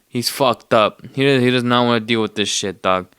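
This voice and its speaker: A man's voice: medium pitch, normal speed, a bit bright, clean tone, dry recording, clean studio sound. A man casually retelling a movie plot in a rambling, profane way, with streetwise slang. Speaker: podcast host.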